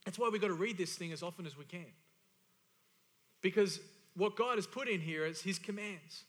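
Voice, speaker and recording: A man with a high, bright and forceful voice preaches a sermon as pastor. He hammers home key phrases by repeating them with emphasis. His voice rings out with long reverb through a church hall. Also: normal speed.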